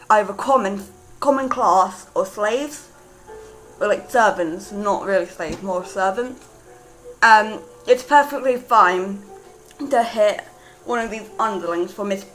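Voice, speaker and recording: A young British woman talks about her own character in a loose, rambling way. She leans on "like" and often restarts her sentences. Her voice sits in a middle pitch, with faint music underneath. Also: fairly bright tone, low-quality recording. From Britain. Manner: rambling, lots of "like" fillers and restarts. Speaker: writer discussing her character. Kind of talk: casual rambling monologue.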